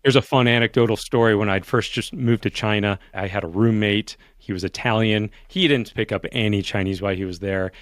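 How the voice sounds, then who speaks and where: A man's voice: lowish voice, fairly even intonation, brisk, few pauses, no echo, clean studio sound. Playful man hosting a podcast. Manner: friendly, playful, laughs at own stories. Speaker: podcast host. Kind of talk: podcast interview and outro.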